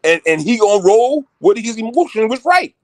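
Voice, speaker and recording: Loud, excitable man in casual talk. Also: high-pitched, moderate pace, no room sound. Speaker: show regular. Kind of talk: casual chat.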